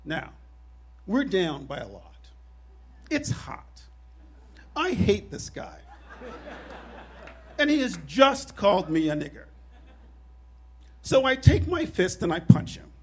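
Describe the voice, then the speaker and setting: A man in his fifties telling a personal story on stage at a live show, animated and wry with self-deprecating humor. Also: sits high, slow pace, pauses often, slight background noise.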